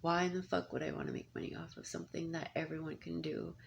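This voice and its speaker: A woman's voice: sits low, fairly even intonation, fast, gravelly. A woman in her thirties, a parent, talking in a casual, rambling monologue full of restarts and asides. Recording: faint background noise.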